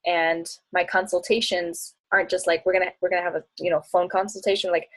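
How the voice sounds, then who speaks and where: Bubbly chatty woman, slightly low voice. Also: level tone, a little fast, few pauses. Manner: bubbly, chatty, laughs often, acts out quoted dialogue. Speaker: travel blogger and business coach. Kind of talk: casual talk answering audience questions.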